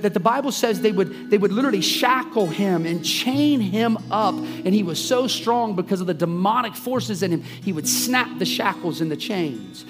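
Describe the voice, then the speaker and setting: A man preaching a sermon, retelling a story with lively voices for the people in it and big swings between soft and loud. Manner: animated, acts out the characters' lines with swings in pitch and volume. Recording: soft guitar music behind the voice.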